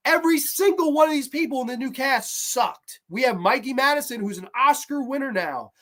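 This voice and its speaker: A woman in her thirties hosting a horror movie review show, ranting with heavy profanity and sarcasm, swinging between low mutters and sudden shouts. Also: lively intonation, brisk, few pauses. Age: 30s.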